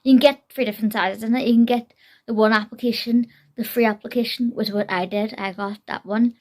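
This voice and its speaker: A woman's voice: a little high, fairly even intonation, a little fast, darkish tone. A young woman, chatting casually at home in a rambling beauty vlog. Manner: rambling, self-deprecating, many fillers. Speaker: beauty vlogger.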